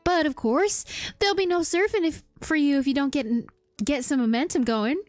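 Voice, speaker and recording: A woman's voice: high voice, moderate pace, dry recording, natural voice. A woman voicing a chummy game traveler with a put-on Southern US drawl, reading the dialogue aloud in a homespun way. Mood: folksy. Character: folksy game traveler rescued from monsters.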